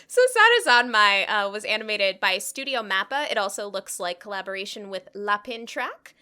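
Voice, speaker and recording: A woman's voice: medium pitch, lively intonation, moderate pace, pushed and bright, smooth, no echo. A woman co-hosting a podcast in casual chat, giggly and reading a synopsis aloud with wry asides. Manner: giggly, reads aloud and comments wryly as she goes. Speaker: podcast co-host.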